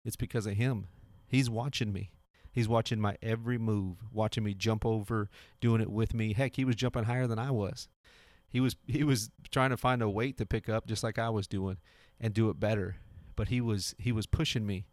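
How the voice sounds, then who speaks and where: Speaking at a normal speed with fairly even intonation, a man in his thirties hosts a podcast from his home garage. His pitch is fairly low and his tone darkish, and the recording is dry. His casual motivational monologue is earnest and repetitive, with frequent restarts.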